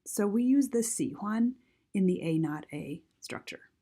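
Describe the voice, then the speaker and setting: A woman teaching a recorded Chinese grammar lesson, reading model sentences slowly and carefully for learners. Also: medium pitch, animated, dark tone.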